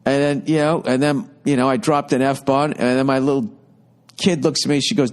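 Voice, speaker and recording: A man's voice: medium pitch, steady tone, a little fast. A man in his fifties hosting a podcast, telling a rambling, exasperated story full of heavy swearing. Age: 50s. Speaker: podcast host. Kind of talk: profane comic storytelling monologue.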